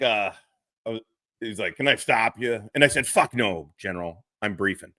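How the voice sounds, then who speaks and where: A man's voice: fairly low pitch, animated, moderate pace, pushed and bright, no echo, studio quality. A middle-aged man casually telling a rambling, profane story and acting out the people in it. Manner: rambling, profane, laughing, acts out quoted officers. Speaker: podcast co-host.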